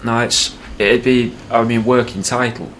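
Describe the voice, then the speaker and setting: A man casually pitching a sketch idea, rambling with hesitant restarts. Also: little pitch movement, a little slow, fairly bright tone, slight background noise. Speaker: comedy podcast host.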